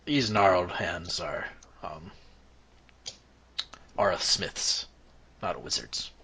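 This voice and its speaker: A man putting on a gruff dwarf blacksmith. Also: sits low, takes it slowly, bright, forceful tone, exaggerated voice. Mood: proud. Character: gruff old male dwarf forge master, proud and stern.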